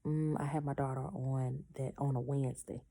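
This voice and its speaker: A woman's voice: a bass voice, little pitch movement, normal speed, creaky, mellow. A woman telling a personal story casually, acting out the people she quotes and stopping now and then to say she is in pain.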